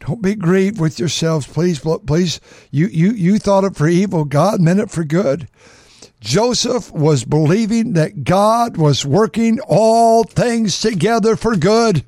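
A man's voice: high voice, expressive, slow, darkish tone, dry recording, studio quality. A man preaching a sermon, reading scripture aloud and breaking off into fervent commentary, repeating words for emphasis.

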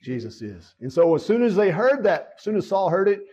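Pastor, male, somewhat high voice, earnest and repetitive preaching, muffled lo-fi recording. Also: very animated, fairly quick, a little mellow, breathy edge. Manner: earnest, repetitive, asks rhetorical questions. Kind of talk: sermon with opening prayer.

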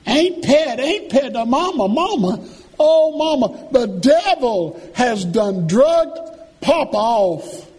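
A man voicing a grown son in a panic, calling out in a high, frantic voice with drawn-out cries. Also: animated, creaky, heavily acted. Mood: panicked.

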